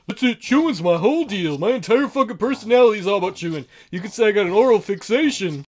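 A man's voice: sits high, lively intonation, quick pace, a little mellow. A man voicing a crude, chew-obsessed male pet dog that curses. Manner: crude, cursing.

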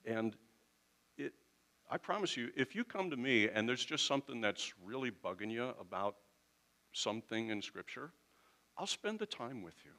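A man's voice: mid-range voice, very animated, normal speed, pushed and bright. A man preaching a sermon as pastor, talking in a conversational way and briefly acting out little quoted exchanges with the congregation.

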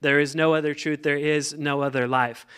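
A man's voice: a little high, steady tone, moderate pace, fairly bright tone, clean tone. A man preaching a casual, joking sermon as pastor, full of fillers and restarts. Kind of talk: conversational sermon.

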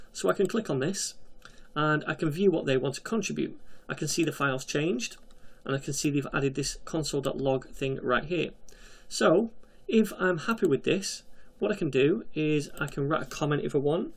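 Tutorial host, male, slightly high voice, casual chatty walkthrough with quick jokey asides. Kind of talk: screen-recorded coding tutorial.

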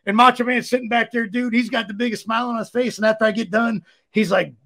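Animated, high-voiced man telling stories. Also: quick pace, creaky, hardly any pauses. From Ohio, USA. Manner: animated, laughing often, lots of "you know". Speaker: guest, former wrestler. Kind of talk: casual storytelling.

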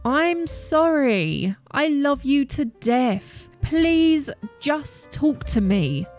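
A woman voicing a young girlfriend who pleads and apologizes through tears, read slowly over faint music. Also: sits high, very animated, a little mellow, pitched above the performer's own voice, full character voice. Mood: pleading. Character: tearful young woman begging her boyfriend.

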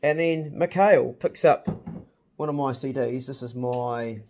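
A middle-aged man with a New Zealand accent, hosting a casual vlog and chatting excitedly with plenty of mild swearing. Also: medium pitch, unhurried, noisy background. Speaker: channel host.

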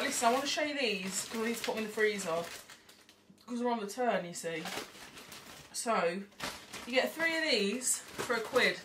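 A woman, rambling and swearing freely in a casual haul vlog recorded at home. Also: mid-range voice. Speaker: vlogger. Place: at home by an open window. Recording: distant mic, faint background noise.

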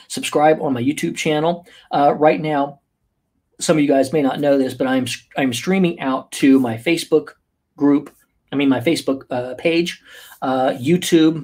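A man's voice: a little high, a little mellow. A man hosting a casual livestream as a podcast host and life coach, talking in an upbeat, playful and chatty way with many fillers.

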